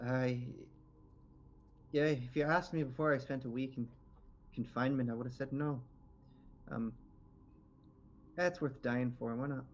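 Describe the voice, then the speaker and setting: A man acting as game master for a tabletop game, chatty and relaxed with many fillers. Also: medium pitch, unhurried, pauses often. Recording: slightly dull lo-fi audio.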